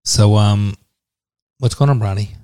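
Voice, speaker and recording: A man's voice: lowish voice, measured pace, warm tone, smooth. A man in his fifties, a lawyer who runs his own firm, chatting casually and asking lots of curious, teasing questions. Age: 50s. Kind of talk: casual family chat.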